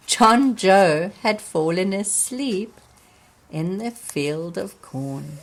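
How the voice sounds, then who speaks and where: A woman reading a children's storybook aloud, slowly and expressively, speaking to young listeners. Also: fairly low pitch. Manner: slow, expressive, addressing children. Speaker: storybook reader.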